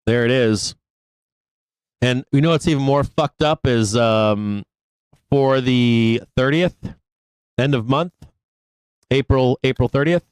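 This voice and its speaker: On a live stock market show, a male host offers casual trading commentary, rambling and swearing, full of fillers and quick bursts of speech. His mid-range voice is clear and resonant, captured in a dry but rough recording.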